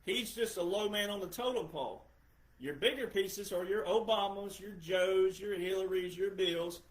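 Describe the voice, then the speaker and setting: A man's voice: high voice, normal speed. A middle-aged man hosting a podcast, giving an emphatic, lecturing political monologue and repeating phrases for effect. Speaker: podcast host. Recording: roomy echo.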